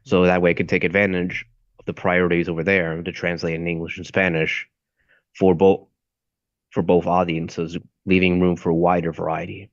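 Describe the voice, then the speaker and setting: Low-voiced young man on a dull mic. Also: little pitch movement, normal speed, no room sound. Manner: rambling, searching for words. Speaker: aspiring voice actor. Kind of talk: casual stream chat.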